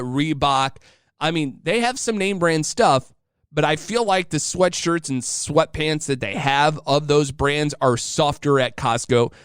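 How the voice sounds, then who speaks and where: A man's voice: fairly high pitch, smooth, no echo, clean studio sound. A man in his thirties telling a casual, joking story as a podcast host. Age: 30s. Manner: chatty and joking, acting out voices.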